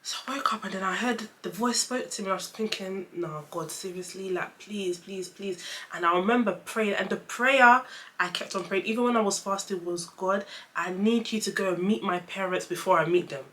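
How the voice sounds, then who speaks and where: A young woman chats through a personal story to her camera, her bright, clear voice sitting at an ordinary pitch. She leans on fillers and slips into quick little voices when quoting others, keeping the whole thing loose and conversational. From London, England. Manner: chatty, lots of fillers, acts out dialogue in quick voices. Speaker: vlogger. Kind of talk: casual storytelling chat.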